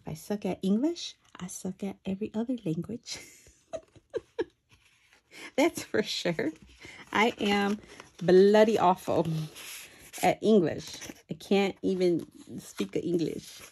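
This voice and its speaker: A woman chatting excitedly while unboxing a craft swap package, with self-deprecating asides. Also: medium pitch, takes it slowly, vocal fry, pauses often, slight background noise. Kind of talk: casual unboxing commentary. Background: paper crinkling and clicks.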